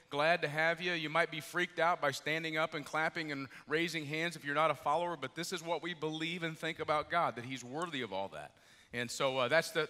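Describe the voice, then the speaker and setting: A man's voice: a little high, sharp tone. A middle-aged man preaching a sermon as pastor, joking and conversational, a little jet lagged. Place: large church with balcony. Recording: long church hall reverb.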